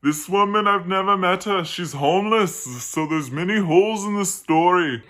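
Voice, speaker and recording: A man putting on a poor impression of a flustered, evasive drag queen, in a shrill exaggerated voice with a put-on accent. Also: moderate pace, fairly bright tone.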